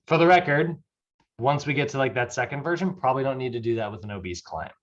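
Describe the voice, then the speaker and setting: A man's voice: mid-range voice, lively intonation, fast, dull audio. A man teaching a personal fitness training class, speaking in a loose, chatty way with lots of fillers. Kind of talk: casual recorded class lecture.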